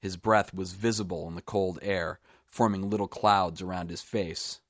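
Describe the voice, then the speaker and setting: Deep-voiced man reading a short story. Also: no echo, clean studio sound. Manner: measured, even storytelling. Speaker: author reading his own story.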